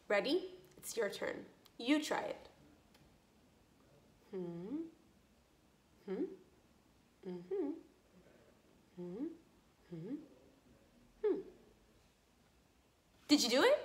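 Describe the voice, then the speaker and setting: A woman leading a speech practice lesson for children, modeling sounds slowly and encouragingly. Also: a little high, very animated, fairly bright tone. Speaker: speech therapist. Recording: echoey room.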